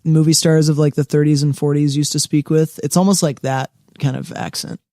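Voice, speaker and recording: A male podcast co-host with a slightly higher voice, adding short agreements and the odd musing comparison. He sounds close and dry on the microphone. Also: level tone, fairly quick, mellow, dry recording. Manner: brief agreeing interjections, short musing remarks. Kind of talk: casual film review chat.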